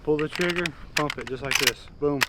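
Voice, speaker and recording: A man's voice: a little high, a little fast. A man, outdoors at a duck marsh, giving a firm, instructive hunting safety briefing. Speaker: hunting guide. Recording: outdoor wind and clear background noise.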